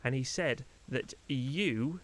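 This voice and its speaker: A man's voice: medium pitch, slow pace, a little hiss or hum. A man playing a bumbling detective who stammers and rambles, sometimes faking a silly Italian pizza-man voice. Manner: stammering, rambling, jokey mock-Italian words. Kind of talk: roleplay in a game.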